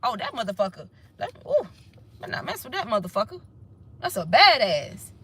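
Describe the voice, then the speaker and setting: A woman's voice: on the high side, huge pitch swings, a little fast, a bit bright, breathy edge. A woman giving a casual tarot reading, sassy and emphatic, swearing and repeating her points. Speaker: tarot reader.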